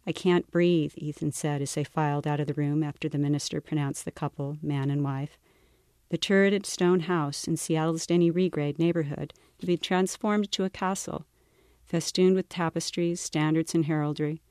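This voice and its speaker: A woman author reading her novel aloud in a measured, wry manner. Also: low voice, fairly even intonation, mellow, no echo, studio quality.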